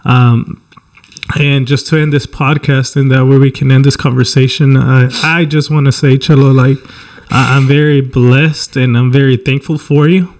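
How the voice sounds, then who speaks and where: A man's voice: mid-range voice, level tone, a little mellow. Earnest man hosting a podcast. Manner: halting, many restarts and fillers, earnest. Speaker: podcast host. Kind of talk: heartfelt casual chat.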